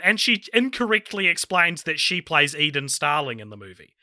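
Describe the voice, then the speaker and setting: A hoarse man with a New Zealand accent, chatting casually as a podcast host, rambling and giggly. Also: on the high side, sharp tone, no echo, clean studio sound. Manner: rambling, giggly, lots of fillers. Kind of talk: casual chat.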